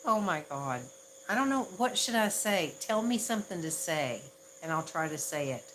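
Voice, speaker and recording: Give me a chatty Southern woman with a lively, low voice, chatting casually on a livestream, laughing at herself often, with a faint hum in the background. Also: moderate pace, rough recording. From Southern United States. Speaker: ASMR livestream host.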